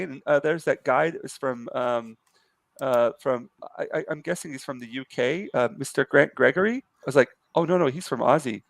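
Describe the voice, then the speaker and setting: A man's voice: mid-range voice, brisk, vocal fry, dry recording. A man hosting a live art stream, telling stories in a rambling, easygoing way. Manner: rambling, many fillers and restarts. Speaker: stream host. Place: home, lives in Japan.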